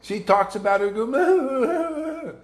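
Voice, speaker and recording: In an echoey room, a man with a very high voice preaches slowly and animatedly to his students. He is a spiritual teacher whose informal devotional sermon comes out blunt, combative, slangy, and full of restarts.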